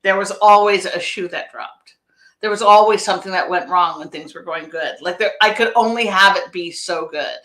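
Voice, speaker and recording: A woman's voice: medium pitch, pushed and bright. A woman business coach talking casually on a live stream, rambling and emphatic, often restarting her sentences. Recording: echoey room.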